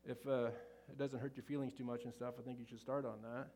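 Man putting on a halting, mumbling supervisor who is overly gentle and vague. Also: medium pitch, level tone, lightly acted. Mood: hesitant. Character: hesitant, rambling male work supervisor.

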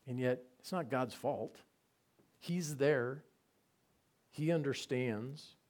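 A man giving a conversational Bible teaching, relaxed and asking his listeners rhetorical questions. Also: mid-range voice, takes it slowly.

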